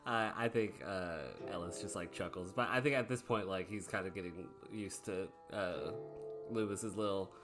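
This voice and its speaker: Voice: deep voice, moderate pace, music in the background. A player in a tabletop role-playing game, talking in a giggly, rambling way with many fillers.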